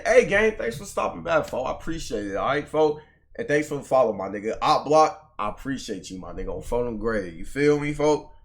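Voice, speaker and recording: A young man streaming live, bantering with his chat in a slangy, profane, casual way. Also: medium pitch.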